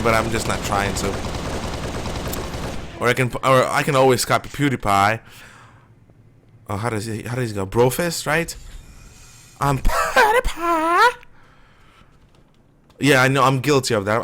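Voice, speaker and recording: A man's voice: medium pitch, a bit bright, a little hiss or hum. A man streaming a shooter game live, rambling and opinionated as he plays. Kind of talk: casual live gameplay commentary.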